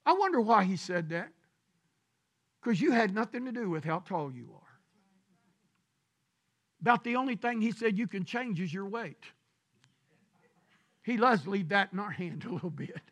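A man preaching a sermon as pastor, shouting his points and drawing out scripture verses slowly. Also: high-pitched, lively intonation. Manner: preaching with shouted emphasis and drawn-out scripture reading.

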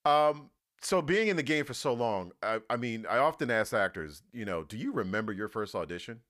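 Bright-voiced male podcast host. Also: mid-range voice, a little fast. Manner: animated, laughs often, says you know and brother. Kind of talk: casual interview chat.

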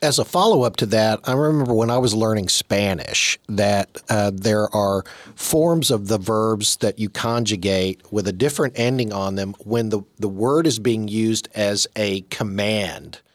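A man interviewing a guest, asking measured, thoughtful questions with some hesitation. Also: lowish voice, no echo.

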